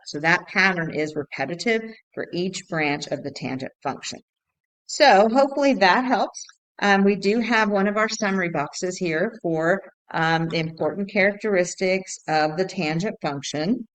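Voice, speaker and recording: Woman, low-pitched math teacher, patient recorded lesson, explains step by step. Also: expressive, normal speed, rough recording. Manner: patient, repetitive, thinks aloud with fillers.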